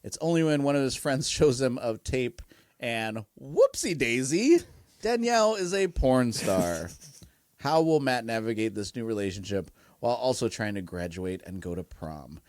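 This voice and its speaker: A man's voice: mid-range voice, normal speed, dry recording, studio quality. A man co-hosting a casual movie podcast, telling stories and laughing often. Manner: laughs often, animated storytelling. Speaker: podcast co-host. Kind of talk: casual movie review chat.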